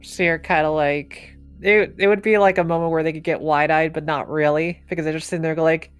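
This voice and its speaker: Low-voiced woman playing a tabletop game. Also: steady tone, fairly quick, smooth, soft background music. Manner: casual, hesitant, many "like"s. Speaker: player. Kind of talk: casual tabletop play.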